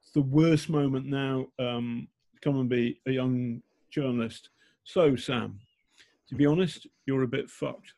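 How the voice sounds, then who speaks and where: A journalist guest in his sixties, this Englishman has a slight northern accent and a mellow, medium-pitched voice with fairly even intonation, and he speaks unhurriedly. In the interview he tells candid stories, blunt and self-mocking, stumbling through many ums and restarts.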